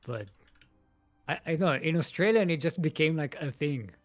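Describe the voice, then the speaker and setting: An esports caster giving live play-by-play, animated and laughing, with frequent hesitations. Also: medium pitch, normal speed, soft background music. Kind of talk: live game commentary.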